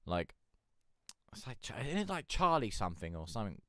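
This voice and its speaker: A man's voice: on the low side, big pitch swings, brisk, a bit bright, no echo, studio quality. A man hosting a music review stream, rambling and joking in casual chat. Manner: rambling, joking, swears, laughs a lot.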